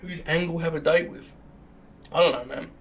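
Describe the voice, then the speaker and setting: A man's voice: on the high side, level tone, brisk, gravelly, a bit bright, lo-fi sound. A man co-hosting a casual game stream, making dry, wry jokes and asides to the viewers. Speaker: co-host. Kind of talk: casual chat while playing a game.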